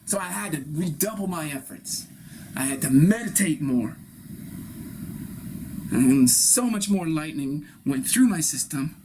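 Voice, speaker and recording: A man's voice: fairly high pitch, noisy background. A man performing an improvised comic monologue, rambling and conspiratorial, cursing freely. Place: live-streamed solo performance.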